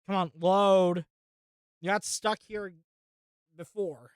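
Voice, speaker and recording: A woman hosting a casual tech vlog, talking through a software install and muttering to herself in exasperation, with frequent swearing. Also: mid-range voice, steady tone, takes it slowly, clear, resonant tone, no room sound, studio quality. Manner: addresses viewers as folks and guys. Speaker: tech channel host.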